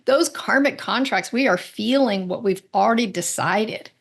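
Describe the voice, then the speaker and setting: A woman being interviewed, talking in an animated storytelling way and often ending points with tag questions. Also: mid-range voice, moderate pace, creaky. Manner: animated storyteller, acts out quoted voices; frequent "right?" tag questions. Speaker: guest, medical intuitive. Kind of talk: conversational interview.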